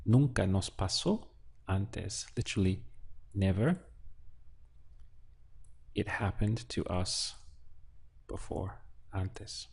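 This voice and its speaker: Slow gravelly male language teacher. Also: low-pitched. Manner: slow, patient, quizzes the listener. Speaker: Spanish teacher. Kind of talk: language lesson.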